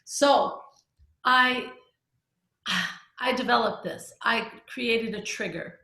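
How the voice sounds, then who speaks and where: A woman's voice: a little high, very slow, gravelly, bright, forceful tone. A middle-aged woman leading a group discussion, telling a personal story in a candid, conversational way. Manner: candid, conversational, with restarts and laughs. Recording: echoey room.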